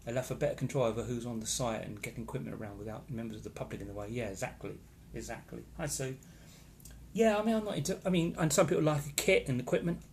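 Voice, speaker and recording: A man's voice: medium pitch, animated, quick pace, a little mellow, slight background noise. A man hosting a casual live stream, chatting with opinions and greeting viewers by name as he reads their comments. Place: holiday location in Florida.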